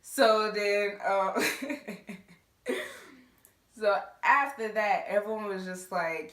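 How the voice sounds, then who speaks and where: A young woman casually telling a school story on her vlog, animated and quick to laugh, with slangy asides. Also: mid-range voice. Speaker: storytime vlogger. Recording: roomy echo.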